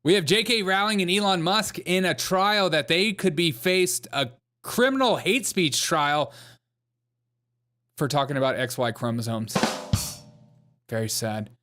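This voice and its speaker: A high, very bright male voice. He hosts a comedy commentary show and keeps a mocking, jokey tone, laughing as he goes. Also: unhurried, pauses often, soft background music.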